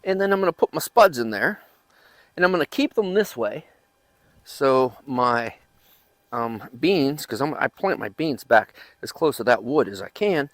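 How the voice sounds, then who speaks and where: A man's voice: medium pitch, animated, moderate pace, dry recording. A man hosting a home gardening channel, chatting in a rambling, casual way as he works outdoors in his backyard garden. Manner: rambling, chatty, talks while digging. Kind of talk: casual chat.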